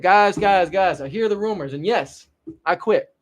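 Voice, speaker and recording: A young man with a high, light voice chats on a livestream, swearing freely and drifting between stories and chat questions. He rambles, repeats himself, and lets his sentences trail off into low mumbles. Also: measured pace. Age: young adult. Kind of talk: casual livestream chat and storytelling.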